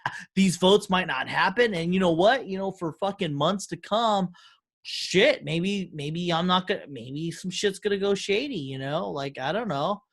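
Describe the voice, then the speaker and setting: Profane, animated male podcast co-host. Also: high-pitched, normal speed. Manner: profane, animated, swearing a lot. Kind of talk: casual political chat.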